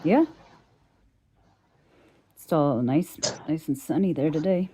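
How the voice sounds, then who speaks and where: Low, mellow-voiced woman livestream host. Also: takes it slowly, slight background noise. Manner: laughs easily, reads out viewer chat. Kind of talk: casual livestream chat.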